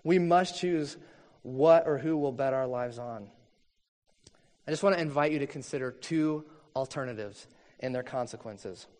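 A man preaching a sermon in an earnest, measured way, reading long quotes slowly. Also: medium pitch, a little mellow. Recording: long reverb from a hall.

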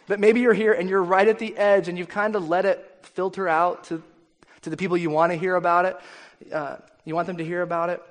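A male pastor preaching a sermon in a conversational, animated storytelling way, often restarting his sentences. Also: sits high. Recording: long hall reverb.

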